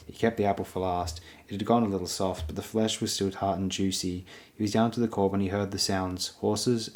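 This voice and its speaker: A man reading a fantasy audiobook aloud in a steady, measured narration. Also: deep voice. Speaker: audiobook reader.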